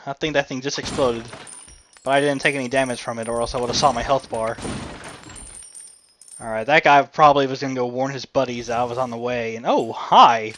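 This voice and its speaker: A man talks his way through a video game in a loose, rambling commentary, chatting to himself and the screen as he goes. His voice sits at an ordinary middle pitch. Game music plays clearly beneath him. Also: moderate pace, long pauses, a bit bright. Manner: rambling, chatty self-talk with frequent asides to the game. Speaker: let's play commentator. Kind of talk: casual gameplay commentary.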